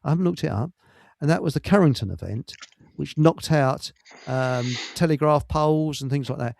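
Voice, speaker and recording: A man's voice: fairly high pitch, moderate pace, creaky, darkish tone, no echo. A man hosting a casual chat show, joking and rambling in a self-deprecating way. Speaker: host.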